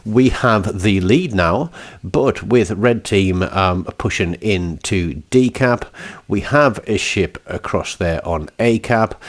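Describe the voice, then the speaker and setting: Male gameplay narrator, very low voice, rambling and self-amused, lots of filler. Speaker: gameplay commentator. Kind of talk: casual gameplay commentary.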